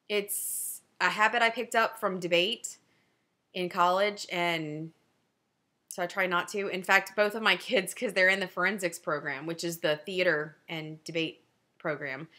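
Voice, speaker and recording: A woman in her forties with a Southern Louisiana accent, hosting a knitting video podcast in a fast, chatty way and laughing often. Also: on the low side, pushed and bright. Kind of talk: casual chat to camera.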